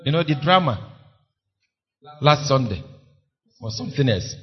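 A man's voice: medium pitch, very animated, a little slow, slightly rough. A man preaching a sermon, impassioned and pleading, repeating phrases for emphasis. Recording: dull lo-fi recording.

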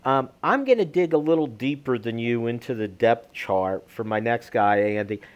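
A man's voice: mid-range voice, lively intonation, normal speed. A man hosting a sports talk show, chatting casually and thinking aloud.

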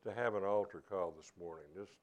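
A man's voice: low voice, quick pace. A man preaching a sermon as pastor at a church service, earnest and conversational, often restarting his phrases.

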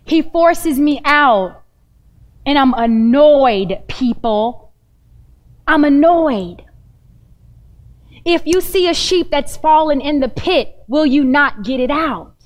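A woman's voice: high-pitched, slow pace, pauses often. A young adult woman preaching a conversational, storytelling sermon, talking straight to the congregation. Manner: animated, conversational, addresses the congregation directly.

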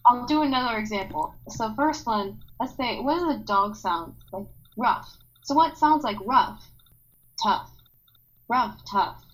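A woman's voice: on the high side, animated, unhurried, rough recording. A woman co-hosting a podcast over a call, playfully making animal noises and silly rhymes in casual chat. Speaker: podcast co-host. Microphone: call recording.

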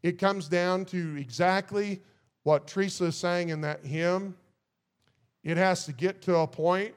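A man's voice: high voice, normal speed, clear, resonant tone. A man preaching a sermon in a church, repeating phrases as he builds and often restarting his words. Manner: repetitive call-and-response build, stammering restarts. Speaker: pastor.

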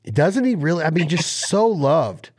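A man in casual chat, telling stories in an animated, excitable way. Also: a little high, measured pace, a little hiss or hum.

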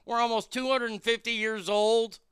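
A man's voice: very high voice, fairly even intonation, moderate pace, a bit bright, clear, resonant tone, no room sound, studio quality. A man in a car giving crude, angry commentary while reacting to a news clip. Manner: angry, crude, blunt, heated. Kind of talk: profane ranting commentary.

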